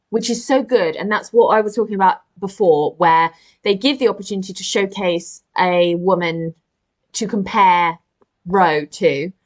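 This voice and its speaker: A woman co-hosting a podcast in relaxed, rambling chat at a medium pitch. She fills her talk with "like" and often slips into playful quoted voices. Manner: chatty, full of "like", acts out quotes. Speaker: podcast co-host. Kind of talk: casual chat.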